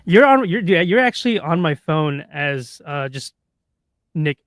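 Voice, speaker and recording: A relaxed man co-hosts a live-streamed podcast with friendly banter. His voice sits a little high. The sound is dry and close. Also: measured pace, no room sound. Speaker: podcast co-host. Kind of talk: casual live-stream chat.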